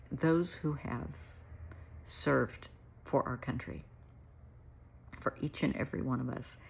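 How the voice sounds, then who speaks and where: A woman's voice: sits low, creaky. A middle-aged woman, a therapist, talking straight to her viewers in an earnest, emotional and caring way. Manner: warm, earnest, emotional, addresses viewers as sweetheart. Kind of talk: heartfelt direct-to-camera talk.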